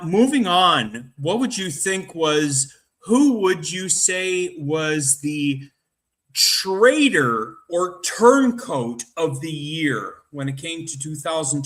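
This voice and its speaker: A man hosting a casual talk radio chat, slow, chatty and rambling. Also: fairly high pitch, a bit bright. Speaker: host.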